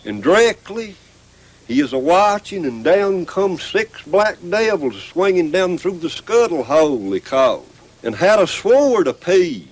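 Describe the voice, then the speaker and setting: A man's voice: high-pitched, measured pace. A man with an Appalachian accent telling an old folk tale in a drawling dialect, acting out the lines of its characters. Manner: drawling dialect, lively voicing of the quoted lines. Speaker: folk storyteller.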